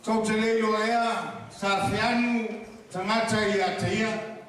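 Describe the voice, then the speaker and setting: A man interpreting a sermon line by line, echoing each phrase quickly and emphatically. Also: high-pitched, steady tone, fairly bright tone, recorded from a distance, a little hiss or hum. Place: large church hall. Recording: echoey hall, voice from off-mic.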